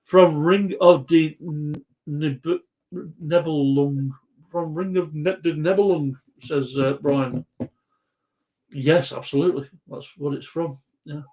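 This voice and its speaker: A man's voice: fairly high pitch, fairly even intonation, takes it slowly, darkish tone. Jokey man hosting a live chat. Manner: jokey, rambling, stumbles over words. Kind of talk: casual quiz chat, reading out viewer answers.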